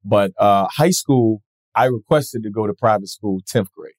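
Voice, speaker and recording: A man being interviewed, telling stories in a relaxed, lively way and acting out other people's voices. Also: fairly low pitch, normal speed, dry recording, clean studio sound. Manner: animated, acts out voices in his stories. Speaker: comedian guest. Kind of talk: casual interview storytelling.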